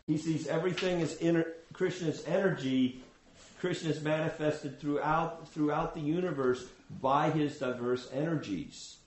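A man giving a scripture class, explaining in a measured way with frequent restarts. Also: on the high side, reverberant, rough recording. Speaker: spiritual teacher.

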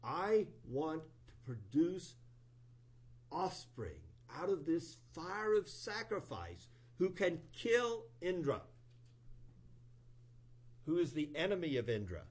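A man acting out a male priest calling out a vengeful invocation over a sacrificial fire. He declaims slowly and solemnly in a raised, loud voice. The words are drawn out. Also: a little high, very animated, husky, voice pushed up, full character voice.

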